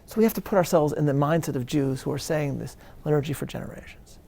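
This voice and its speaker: A man, a rabbi answering questions at a live interview, speaking in an earnest, measured lecture style with emphatic stresses and frequent restarts. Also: on the high side, creaky, warm tone.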